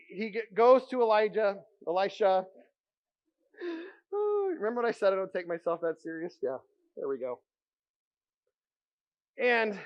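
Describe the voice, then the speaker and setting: A man preaching a sermon as pastor, telling stories with animated energy and dropping to a hush for quiet moments. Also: high-pitched, highs cut off. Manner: animated storytelling, drops to a hushed voice for quiet moments.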